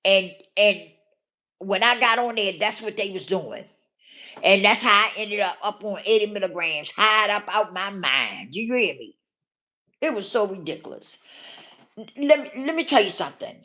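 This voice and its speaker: A woman's voice: mid-range voice, lively intonation, moderate pace, sharp tone. A woman vlogger telling a personal story straight to her viewers, blunt and profane, checking in with "okay?" and "do you hear me?". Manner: emphatic, talks straight to viewers with frequent 'okay?' and 'do you hear me?'. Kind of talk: candid storytelling monologue.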